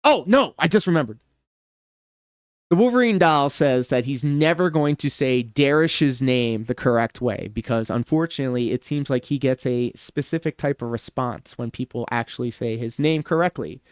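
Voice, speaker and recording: A man hosting a livestream reaction show, commenting casually with sarcasm and sudden animated outbursts. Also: mid-range voice, normal speed, few pauses, clean tone, no echo, clean studio sound. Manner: animated, sarcastic, bursts into shouts and laughter.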